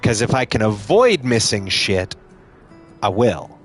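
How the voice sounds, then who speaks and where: A man's voice: on the low side, big pitch swings, unhurried. A man casually commenting on a game he streams live, joking and swearing, with game music behind.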